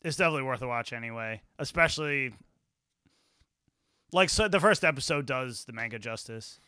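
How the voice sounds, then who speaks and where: A man hosting a podcast in casual chat, swearing freely and acting out scenes with quick quoted voices. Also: mid-range voice, animated, sharp tone, clear, resonant tone, no room sound, studio quality. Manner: profane, rambling, acts out scenes in quotes. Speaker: podcast host.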